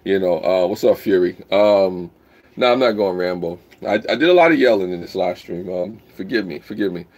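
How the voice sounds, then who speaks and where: A man hosting a casual live stream, rambling while he reads the chat aloud and bursts into loud whoops. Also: deep voice, expressive, normal speed.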